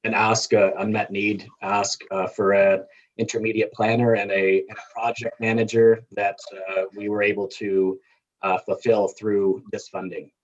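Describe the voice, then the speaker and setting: Staff guy answering council, lots of uhs, lowish voice, lo-fi sound. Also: little pitch movement. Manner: halting, many fillers. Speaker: city staff member.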